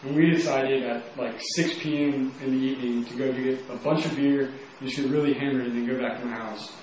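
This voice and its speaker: A man's voice: mid-range voice, steady tone, fast, a little mellow, a little hiss or hum. Young man telling his story in an echoey room. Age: young adult. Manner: casual, rambling, heavy use of "like". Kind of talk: personal testimony. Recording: very echoey room, mic at a distance.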